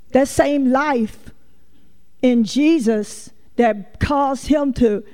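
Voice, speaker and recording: A woman preacher giving a sermon, telling folksy stories and calling out directly to her congregation. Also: fairly high pitch. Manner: lively folksy storytelling, addresses the congregation directly.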